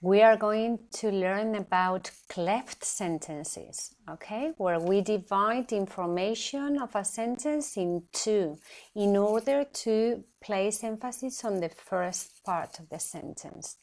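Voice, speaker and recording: A woman teaching an English grammar lesson in a measured, explanatory way, often checking in with "okay?". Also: medium pitch, a little mellow. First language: Spanish. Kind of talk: recorded lesson presentation.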